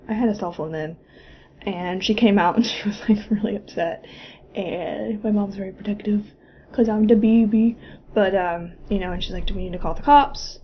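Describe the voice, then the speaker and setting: A young woman from Florida, a vlogger, tells a personal story in a chatty, casual way, swearing often and tossing in laughing asides. Her voice is mid-range, and the recording is muffled with a little hiss or hum.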